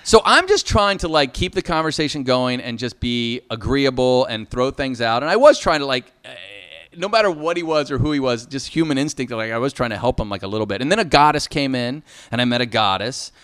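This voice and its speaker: A man's voice: medium pitch, fairly quick, clean tone, dry recording, studio quality. A middle-aged man, a sitcom showrunner, telling an anecdote in casual chat and acting out the voices. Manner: animated anecdote-telling, acts out voices, laughs often. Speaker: sitcom showrunner and podcast guest.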